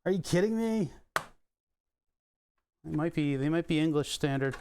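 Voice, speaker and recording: A Philadelphia man with his local accent takes apart studio gear on a live stream, chatting casually, muttering to himself, and cursing at stubborn bolts. His voice is on the high side, expressive and a little mellow, smooth and at a moderate pace.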